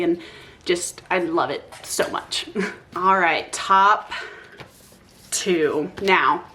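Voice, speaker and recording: A young woman booktuber talking casually and excitedly about her favorite books, gushing and swearing freely. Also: on the low side. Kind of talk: casual chat.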